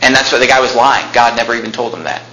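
A young man in his twenties preaching a sermon as a pastor, excited and emphatic, often yelling. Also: mid-range voice, racing, reverberant, low-quality recording. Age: 20s.

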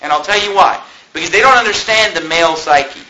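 Male pastor, sermon, high bright voice, fervent, emphatic, repeats lines, echoey church. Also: brisk. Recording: roomy echo.

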